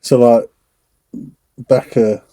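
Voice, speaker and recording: Young male podcast co-host, slow-paced and warm-toned, laid-back anecdotes. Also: mid-range voice. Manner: relaxed anecdotes, swears casually. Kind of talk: casual chat.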